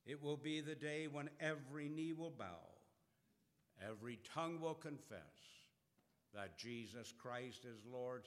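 A man preaching a sermon, calling out quoted scripture loudly and then dropping to a low, soft voice. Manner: swells loud on quoted scripture, drops low and soft after. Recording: long hall reverb.

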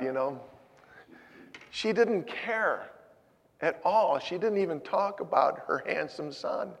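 Slow, gravelly preacher in a reverberant hall. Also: male voice, high-pitched. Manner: storytelling, swinging from loud exhortation to hushed asides. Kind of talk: sermon.

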